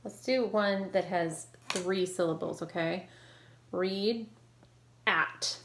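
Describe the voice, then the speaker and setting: A woman's voice: fairly low pitch, slow, a little hiss or hum. A woman teacher leading a recorded reading lesson for children, prompting syllables and praising each answer.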